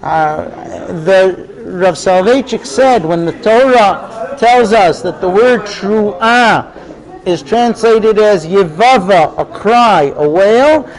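A man's voice: sits high, rough recording. A man teaching an informal Torah class in a chatty, storytelling way. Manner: conversational, digressive, tells stories.

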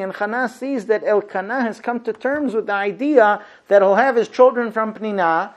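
A man teaching a Bible class, telling the story in an animated way and asking rhetorical questions. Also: sits high, moderate pace, hardly any pauses.

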